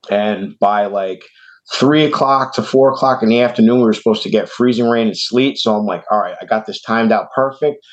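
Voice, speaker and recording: A podcast host from New York, speaking with a New York accent, spins a long story in a casual way. He animatedly voices the people involved, pitching up for their quotes. The podcast audio is dull and lo-fi.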